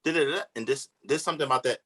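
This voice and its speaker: A man's voice: mid-range voice, very fast, sharp tone. A man, a relationship coach, giving earnest advice in casual podcast chat with everyday slang.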